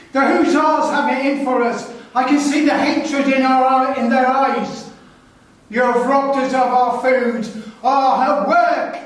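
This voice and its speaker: A man playing a defiant flag defender. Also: very high-pitched. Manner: defiant, declamatory. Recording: very echoey, distant mic.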